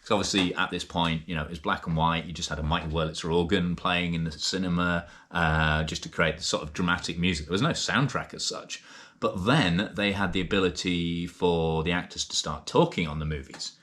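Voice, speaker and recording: A man, chatting in a casual vlog and reading out passages from a book, with lots of fillers and lively asides. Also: low voice, brisk. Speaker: vlogger and co-author reading from a book.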